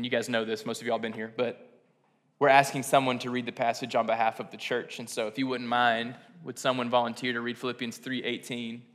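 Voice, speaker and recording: Earnest, casual pastor in a reverberant hall. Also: male voice, mid-range voice, a bit bright. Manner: casual, earnest storytelling with many fillers. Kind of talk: sermon.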